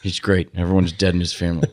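A man telling stories in a casual chat, with a lively voice that swings widely in pitch. He keeps slipping into impressions of people. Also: brisk. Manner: animated storyteller who slips into voices.

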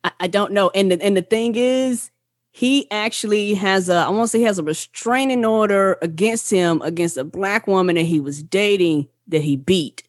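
A woman co-hosting a podcast in casual chat, talking in animated bursts with profanity and stammered restarts. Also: medium pitch, moderate pace, no echo, studio quality. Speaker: podcast co-host.

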